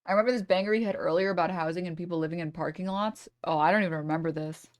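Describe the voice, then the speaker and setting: A woman's voice: lowish voice, rapid-fire, dry recording. A woman streamer reacting to clips in casual commentary, profane and rambling, cutting herself off mid-thought. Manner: profane, rambling, self-interrupting.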